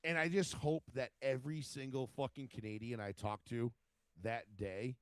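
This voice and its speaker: Profane, animated New man. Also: mid-range voice, normal speed, clear, resonant tone, dry recording. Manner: profane, animated storyteller acting out quotes. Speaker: podcast co-host. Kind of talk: casual chat, storytelling.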